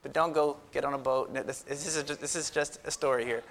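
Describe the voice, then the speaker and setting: A man's voice: medium pitch, fairly quick, creaky, a little hiss or hum. A young man preaching to a youth group, quizzing the room, joking and building the story up dramatically. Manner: lively, asks the room, jokes and builds drama. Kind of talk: youth sermon with audience questions.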